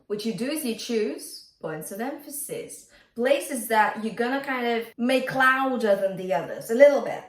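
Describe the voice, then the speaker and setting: A woman vocal coach talks students through a pop song, her voice lively and swooping as she slips into high sung demonstrations. She coaches in an encouraging, instructive way, and the room around her adds a noticeable echo. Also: distant mic. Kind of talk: singing lesson with sung demonstrations.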